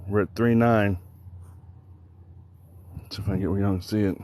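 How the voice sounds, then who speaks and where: Beside the water, a man on a fishing live stream jokes and chats casually with viewers, slightly short of breath. His fairly low voice is a little mellow, with fairly even intonation at a moderate pace, over background outdoor noise.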